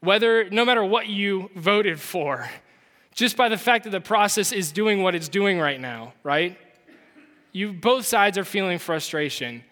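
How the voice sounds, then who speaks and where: A man with a high, bright voice preaches in an earnest, conversational way, circling back and checking in with his listeners. His words ring out with a long reverb, as in a church hall. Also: lively intonation, a little slow. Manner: earnest, conversational, with restarts and rhetorical "right?". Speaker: pastor. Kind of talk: sermon.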